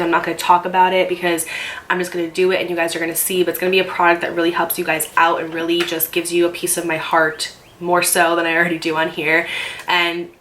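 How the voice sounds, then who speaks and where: Animated young woman telling a storytime. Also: lowish voice, slight background noise. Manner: animated, emphatic, swears freely. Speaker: YouTuber telling a personal story. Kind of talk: casual storytime vlog.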